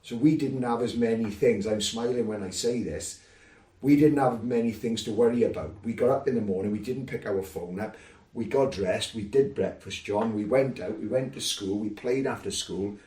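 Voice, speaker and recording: A man's voice: lowish voice, moderate pace, a little mellow. UK man on a podcast panel, explanatory and thoughtful, roomy distant sound. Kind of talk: casual panel discussion.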